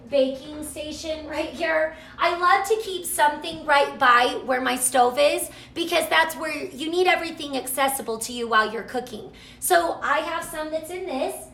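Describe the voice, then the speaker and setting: A woman hosting a live cooking chat from her home kitchen, gushing excitedly and reading out viewer comments to her camera. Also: sits high, vocal fry, reverberant. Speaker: cooking show host selling products. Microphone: camera mic, moves off camera at times.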